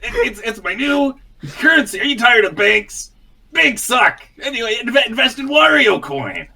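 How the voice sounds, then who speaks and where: A man voicing Wario as a greedy, brash pitchman who shouts his sales lines. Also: expressive, moderate pace, gravelly, exaggerated voice. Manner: loud hard-selling shouting. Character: brash greedy male pitchman villain, loud.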